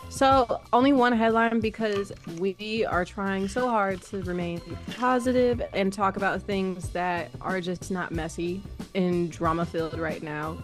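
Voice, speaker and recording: A woman's voice: mid-range voice, fairly even intonation, measured pace. An easygoing woman co-hosts a podcast, chatting casually in a mid-range voice. Faint music plays underneath. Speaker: podcast co-host.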